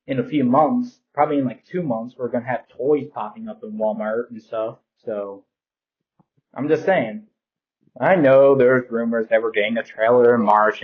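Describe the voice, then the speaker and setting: Man, casual film rant, rambling, lots of ums, mid pitch, muffled lo-fi recording. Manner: rambling, frequent ums, exasperated. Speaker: film commentary vlogger. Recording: dull lo-fi home recording.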